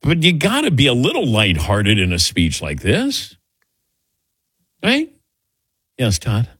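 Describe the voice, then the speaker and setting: A man's voice: mid-range voice, wildly swooping pitch, slow, a bit bright, breathy edge, no echo, studio quality. A middle-aged man answering audience questions in a casual, rambling, self-mocking way, telling little stories.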